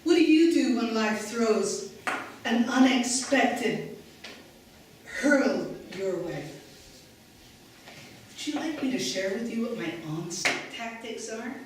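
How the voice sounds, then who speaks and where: A woman's voice: a little high, animated, slow, long pauses, a little hiss or hum. A woman giving an inspirational talk on stage, telling a story in an emphatic way. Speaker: speaker. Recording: echoey hall from far off.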